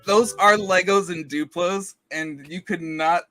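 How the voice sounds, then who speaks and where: A man co-hosting a casual chat over gameplay, riffing in a silly, animated way, with game music behind him. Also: high voice, a little slow. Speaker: co-host.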